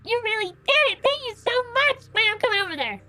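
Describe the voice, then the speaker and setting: Squeaky little gnome boy for a game, super high and bouncy, gushing. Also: sing-song, quick pace, sharp tone, full character voice. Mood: overjoyed. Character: excitable little male gnome kid. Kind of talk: video game character voice.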